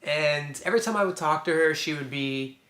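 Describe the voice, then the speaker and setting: Bright-voiced young man in echoey room. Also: on the high side, fairly quick. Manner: rambling and reflective, many restarts. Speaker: vlogger. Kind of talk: personal storytelling to camera.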